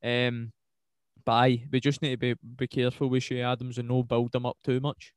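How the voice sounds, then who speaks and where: Young Scottish podcast co-host, casual football talk, loose and sweary, dry close sound. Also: male voice, mid-range voice, brisk, clean tone, no echo. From Scotland. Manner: swears freely, rambling and animated.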